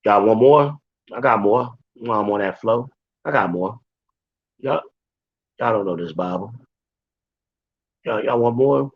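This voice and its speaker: In a dull, lo-fi recording, a man with a lowish voice teaches from scripture at a measured pace, leaving long pauses. His delivery is informal and emphatic, full of repetition and direct address to listeners.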